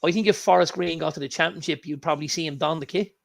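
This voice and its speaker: An Irish man co-hosting a casual chat show, telling lively anecdotes and swearing freely. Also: a little high, fast talker, vocal fry. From Ireland. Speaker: co-host.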